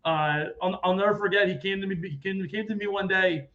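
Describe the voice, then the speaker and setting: A young man with a notably high voice hosts a casual sports podcast. He tells stories in a chatty way, swears freely, and comes through a dull, lo-fi mic. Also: fairly quick, fairly bright tone. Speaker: podcast host.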